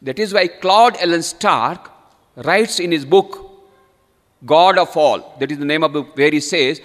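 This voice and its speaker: A man's voice: fairly high pitch, measured pace, fairly bright tone. A man with an Indian English accent, a monk giving a spiritual lecture, telling stories and acting out the people in them with rising emphasis. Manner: storytelling, acting out quoted speakers with rising emphasis. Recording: long hall reverb.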